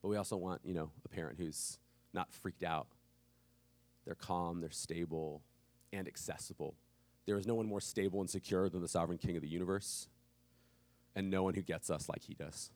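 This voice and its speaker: A man's voice: low voice, steady tone, normal speed, a little mellow, no echo. A man in his thirties preaching a sermon, telling a family story casually and with humor. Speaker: pastor.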